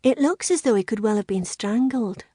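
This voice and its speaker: A woman's voice: fairly high pitch, animated, normal speed, warm tone, breathy edge, dry recording, clean studio sound. A woman voicing a kindly female medic with a Scottish accent, speaking in a soothing, motherly way. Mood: gentle.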